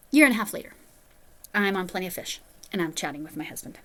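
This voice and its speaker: A woman's voice: lowish voice, a bit bright. A woman vlogging about crochet, telling a story in a chatty way with rambling, self-deprecating asides. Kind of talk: casual storytelling.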